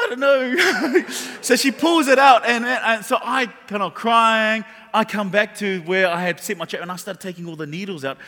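Kiwi pastor guy, high bright voice, jokey storytelling sermon, big echoey church hall. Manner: animated and humorous, addresses the audience directly. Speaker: preacher. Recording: reverberant hall.

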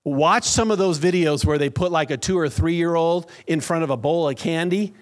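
A middle-aged man preaching a lively sermon in a church, drawing call-and-response from the congregation. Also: a little high, normal speed. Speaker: pastor.

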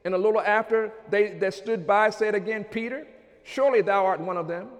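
High-voiced preacher shouting in a hall. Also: male voice, a little fast. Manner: preaching call-and-response, rising to shouts. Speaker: pastor. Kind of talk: sermon.

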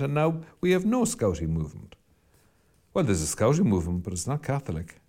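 Earnest Irish priest, low voice. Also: male voice, darkish tone. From Ireland. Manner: earnest, rhetorical, piles up questions. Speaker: Catholic priest podcast host. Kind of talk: reflective spoken commentary.

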